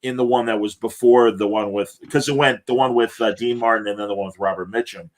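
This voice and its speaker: A man's voice: lowish voice, steady tone, fast talker, noisy background. A man co-hosting a casual podcast, rambling through film and TV trivia with many restarts and corrections. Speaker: podcast co-host.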